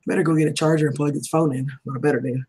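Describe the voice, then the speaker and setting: A woman with a deep, warm, husky voice chats very fast on her livestream, keeping a steady tone and laughing often. Her voice is getting tired, and the audio quality is poor.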